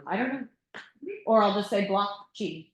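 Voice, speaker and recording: A woman teaching yoga and Thai bodywork in a relaxed, reflective way, laughing often during a group discussion. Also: mid-range voice, normal speed. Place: yoga studio room. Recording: echoey room.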